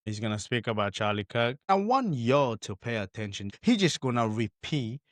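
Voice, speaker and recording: A man's voice: medium pitch, sing-song, moderate pace, no echo. A man giving heated commentary on video clips, indignant and emphatic, repeating his points.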